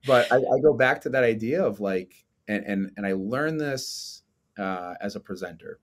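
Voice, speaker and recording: A man in his forties, a coach and lecturer, talking in a casual interview with an animated manner and frequent tag questions. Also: on the low side, moderate pace, slight background noise. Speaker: strength coach and lecturer, podcast guest.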